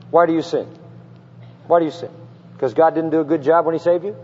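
Male preacher with a fairly high voice, fervent rhetorical delivery, long hall reverb, dull lo-fi tape. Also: brisk, a little mellow. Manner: asks rhetorical questions and reads scripture with rising fervor. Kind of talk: sermon. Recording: reverberant, dull lo-fi sermon recording.

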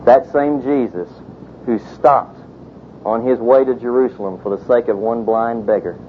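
A man's voice: steady tone, normal speed. A man preaching a sermon in a casual storytelling way, full of "you know" asides. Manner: conversational, many fillers, storytelling. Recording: tinny phone-like sound with vehicle rumble.

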